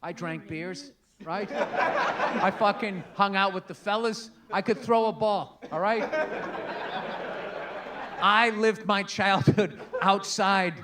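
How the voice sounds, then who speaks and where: High-voiced, shouting stand-up comedian man. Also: slow pace, pauses often, heavy background noise. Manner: profane, shouting exasperated punchlines. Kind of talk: stand-up storytelling. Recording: live stand-up with crowd laughter. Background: audience laughing.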